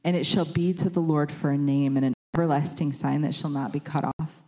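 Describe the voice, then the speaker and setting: Woman, low voice, mellow tone, casual sermon, lively quoted voices. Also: a little fast. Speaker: preacher.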